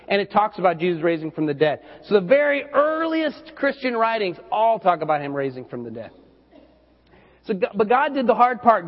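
A man pastor preaching a sermon in a loose, conversational way, often repeating words as he goes. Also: high-pitched. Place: church hall. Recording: dull lo-fi recording with hall reverb.

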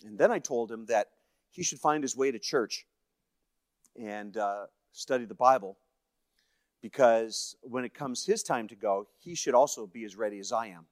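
A Canadian guest speaker tells a personal story from his life in a storytelling sermon, acting out the voices of the people in it and swinging between hushed and lively. His mid-range voice moves at a moderate pace, with clean studio sound and no room echo.

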